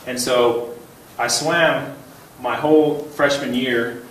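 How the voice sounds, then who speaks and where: A man in his thirties giving a humorous banquet speech, telling personal stories in an animated way, chuckling often and repeating words as he starts a thought. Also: mid-range voice, takes it slowly, slight background noise. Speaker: banquet keynote speaker. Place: large banquet hall. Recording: very echoey hall, voice heard from a distance.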